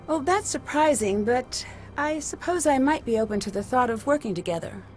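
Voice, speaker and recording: A woman's voice: high voice, animated, moderate pace, faint music behind. An actress voicing an earnest young female amateur detective in a mystery video game, asking questions in a curious, direct way.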